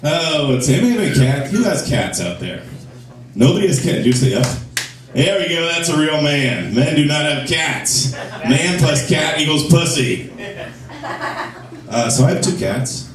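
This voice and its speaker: Crude stand-up comic in echoey club. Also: male voice, a little high, animated, normal speed, a crowd in the background. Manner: crude, self-mocking punchlines. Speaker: stand-up comedian. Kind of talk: stand-up set at a comedy club. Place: comedy club stage. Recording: echoey club, mic from a distance.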